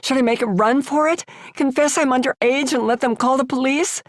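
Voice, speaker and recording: Brief: older woman playing a nervous teenage girl, high-pitched, stammering, dry close audiobook sound. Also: moderate pace, dry recording. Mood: panicked. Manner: stammering, panicky. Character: flustered nervous teenage girl, her younger self.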